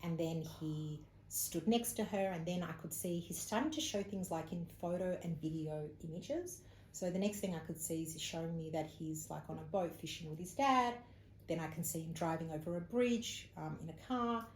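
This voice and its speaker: An Australian woman, a psychic medium, relates a personal story during a casual interview, speaking at a moderate pace in a voice on the low side. She tells it animatedly, acting out whoever she quotes, in an echoey room with faint background noise.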